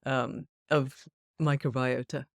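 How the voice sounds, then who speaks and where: A woman's voice: very deep voice, steady tone, slow, dry recording, studio quality. A woman hosting a podcast, interviewing her guest in a friendly, teasing way. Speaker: podcast host. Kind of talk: casual interview chat.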